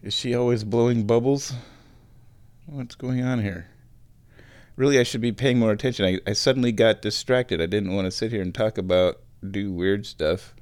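A man's voice: on the low side, steady tone, moderate pace, a little mellow, smooth, dry recording. A young man hosting a casual solo show, rambling and correcting himself with chuckling asides while he watches football. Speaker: show host, committee chairman.

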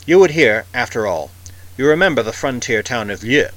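A man's voice: medium pitch, animated, fairly bright tone, close to an everyday voice. A man voicing a grave old alien elder. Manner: slow, heavy and distant.

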